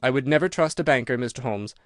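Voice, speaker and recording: A man's voice: mid-range voice, fast, dry recording, clean studio sound, close to an everyday voice. A man voicing a nervous, fat older man with a reedy, quivering voice in an audiobook. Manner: jittery, pleading.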